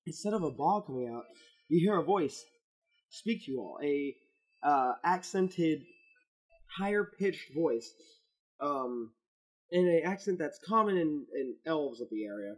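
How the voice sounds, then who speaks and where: A man with a sore throat narrating slowly as game master in a tabletop game, halting with fillers. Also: on the high side, animated, low-quality recording.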